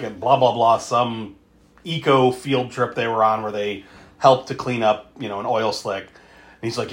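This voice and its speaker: A man's voice: mid-range voice, moderate pace, fairly bright tone. A man co-hosting a podcast, recapping a movie in casual chat, laughing often, swearing freely and acting out the characters' lines. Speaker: podcast co-host.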